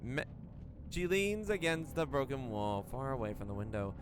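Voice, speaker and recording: Animated man reading game text aloud. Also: medium pitch, moderate pace, noisy background. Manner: animated, stumbling reads, frequent laughs. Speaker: streamer. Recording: voice over loud game music. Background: game music.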